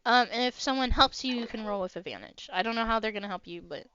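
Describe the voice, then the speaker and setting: A woman's voice: on the high side, quick pace, pushed and bright, clear, resonant tone. A young woman narrating as game master of a tabletop game, rambling with lots of fillers. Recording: dry, dull lo-fi mic.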